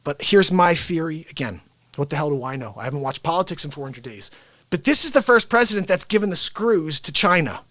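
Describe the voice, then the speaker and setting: A man ranting to his live-stream audience, his pitch bouncing widely as he rambles. He addresses viewers directly. The sound is dry and close. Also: a little fast, no echo. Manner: animated, rambling, talks straight to viewers. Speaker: live-stream host and celebrity impressionist. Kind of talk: casual live-stream rant.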